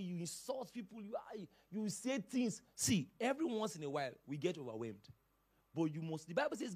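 A man's voice: high-pitched, animated, a little fast, husky. A male pastor preaching a sermon in an emphatic, dramatic manner, with sudden outbursts.

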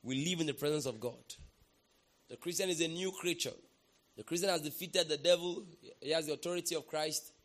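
A man with a fairly high voice preaches a sermon in an emphatic way. He keeps asking the congregation to answer back and breaks into sudden shouts. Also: fairly quick. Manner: emphatic, calls for congregation response, bursts into shouts. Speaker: pastor.

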